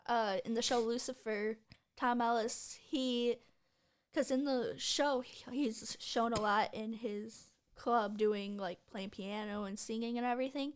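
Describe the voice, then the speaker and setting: A woman's voice: a little high, fairly even intonation, measured pace, slight background noise. A young woman chatting casually on a podcast, telling anecdotes with acted-out quoted asides.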